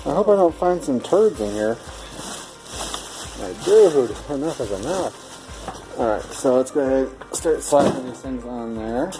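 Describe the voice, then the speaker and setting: A man hosting a vlog, giving casual commentary while unboxing a storage unit. He jokes, swears freely and thinks out loud. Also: medium pitch, expressive, measured pace, low-quality recording. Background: background music.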